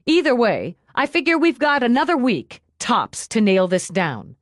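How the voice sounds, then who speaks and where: A woman voicing a tough female police lieutenant who talks bluntly, forcefully and with sarcasm. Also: on the high side, huge pitch swings, moderate pace, no room sound, clean studio sound, voice pushed up. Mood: urgent.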